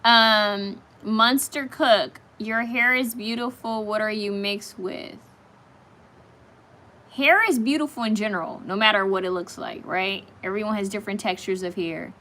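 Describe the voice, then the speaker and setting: Bright-voiced chatty woman live-streaming. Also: medium pitch, a little slow. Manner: chatty, talks straight to viewers, reacts to comments on the fly. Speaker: live-stream host reading viewer comments. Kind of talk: casual live-stream chat.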